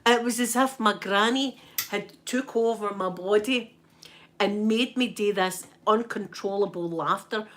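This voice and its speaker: A woman's voice: mid-range voice, unhurried. A Scottish woman telling a story to her live chat in a casual way, acting out what people said and often asking "right?". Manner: animated, tags lines with "right?", acts out what people said. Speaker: ASMR streamer chatting with viewers.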